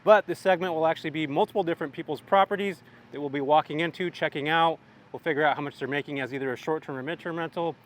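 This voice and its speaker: A man's voice: a little high, fast talker. A young man from California talking casually and upbeat to camera about his rental property. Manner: upbeat, chatty, conversational. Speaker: real estate vlogger.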